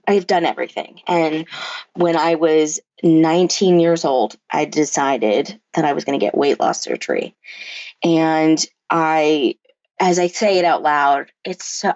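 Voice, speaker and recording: A woman's voice: deep voice, vocal fry, darkish tone, no echo. A woman therapist talking as a podcast guest, telling her story frankly with many fillers and restarts. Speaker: therapist and body-image coach, podcast guest. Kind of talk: candid conversational storytelling. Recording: dull lo-fi remote recording.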